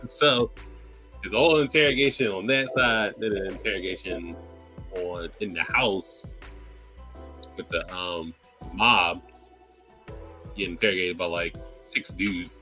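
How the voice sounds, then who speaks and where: Bright-voiced man cursing casually. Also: low-pitched, measured pace, pauses often, faint music behind. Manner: profane, animated retelling. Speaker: podcast co-host. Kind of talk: casual anime review chat.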